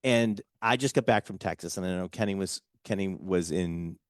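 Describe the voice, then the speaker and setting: Chatty low-voiced male radio host. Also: normal speed, no echo, clean studio sound. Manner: chatty, rambling with many restarts. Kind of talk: casual radio chat.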